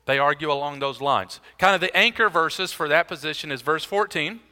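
A man's voice: fairly high pitch, a little fast, bright, forceful tone, long reverb tail. A man preaching an expository sermon as pastor, in a conversational style with dry, self-deprecating asides.

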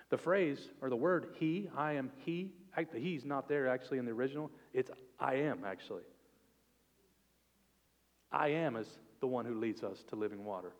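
A man preaching a sermon as pastor, earnest and expressive, sometimes dropping to a soft, intimate tone. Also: medium pitch, highs cut off. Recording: long reverb of a hall.

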